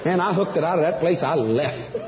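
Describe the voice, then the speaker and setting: A man's voice: on the high side, expressive, fairly quick, in a large hall, dull audio, a crowd in the background. A man giving a testimony sermon, telling his story with animation and acting out the other voices. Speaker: preacher.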